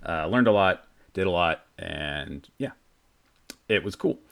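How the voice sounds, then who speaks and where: A young man hosting a casual podcast, telling a story with a fairly low voice. He rambles, backtracks and corrects himself as he goes. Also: lively intonation, unhurried, gravelly, a bit bright. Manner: rambling, self-correcting, laughing. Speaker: podcast co-host.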